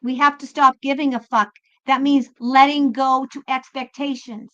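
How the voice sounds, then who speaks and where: A woman's voice: high voice, flat delivery, moderate pace, pushed and bright. A woman hosting a spiritual pep talk, blunt and profane, swearing freely and with emphasis. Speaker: tarot reader and spiritual channel host. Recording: slightly dull lo-fi sound.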